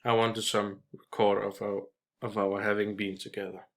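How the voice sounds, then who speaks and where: A man reading a short story aloud in a measured way, with small restarts. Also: lowish voice, level tone. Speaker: reader.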